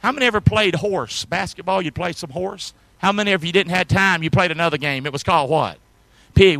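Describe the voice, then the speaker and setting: A man's voice: high-pitched, fast, bright, forceful tone, no room sound, rough recording. A man preaching a sermon, reading old-style scripture aloud and asking the congregation to say words back with him. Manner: call-and-response, asks congregation to say words; reads archaic scripture aloud with emphasis.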